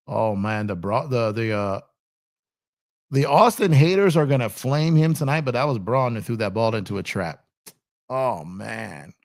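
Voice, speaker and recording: An excitable man hosting a sports live stream, talking casually and breaking into loud reactions. His voice sits in an ordinary middle register. The sound is close and dry. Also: medium pitch, a little slow, vocal fry, dry recording. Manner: chatty, shouts out viewers by name. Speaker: sports channel host.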